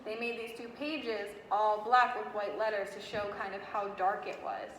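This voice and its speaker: A woman teacher reading a storybook aloud to a class in an animated way, stopping to ask the children questions. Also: medium pitch, normal speed. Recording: echoey classroom with long reverb, faint noise.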